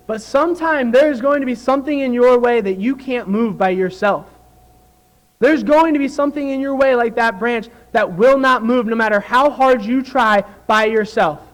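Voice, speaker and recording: A young man preaches to his church in an earnest, conversational way, with a story along the way. His voice sits very high for a man. He talks plainly and directly to the congregation. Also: poor audio. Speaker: youth speaker at church. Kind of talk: sermon.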